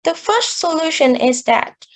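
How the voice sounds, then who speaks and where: A woman's voice: extremely high pitch, expressive, measured pace, poor audio. A woman giving an academic presentation on English pronunciation, explaining carefully with small restarts. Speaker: student presenter.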